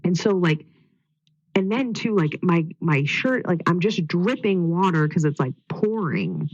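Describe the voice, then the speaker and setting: A woman's voice: fairly low pitch, very animated, measured pace, darkish tone, dry recording. A woman casually telling a race story in a rambling way, full of fillers. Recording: dull lo-fi dry sound.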